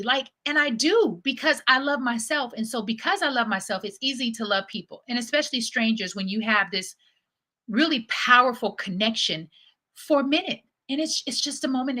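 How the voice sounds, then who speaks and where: A woman hosting her own livestream, telling personal stories in a chatty, lively way and acting out what people said. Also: fairly high pitch. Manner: chatty, lively storyteller who acts out quotes. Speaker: host. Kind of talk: casual storytelling livestream.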